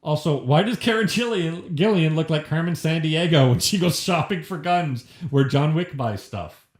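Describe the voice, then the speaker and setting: A man's voice: fairly high pitch, normal speed. A man co-hosting a casual film review podcast, rambling and swearing freely. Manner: profane, rambling, lively. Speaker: podcast co-host. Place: shared room. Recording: echoey room.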